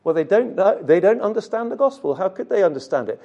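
A man delivering a sermon in an earnest, direct way, often asking his listeners questions. His voice sits a little high for a man but sounds mellow and warm. Now and then he trips over a word and repeats it. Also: sing-song, fast, muffled recording. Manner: earnest, direct address to congregation with rhetorical questions; occasional stumbles and repeated words. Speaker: preacher.

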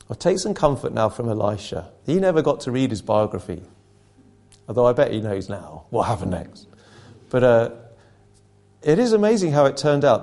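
A man's voice: mid-range voice, darkish tone. A male preacher giving a conversational sermon that retells a story and asks earnest rhetorical questions.

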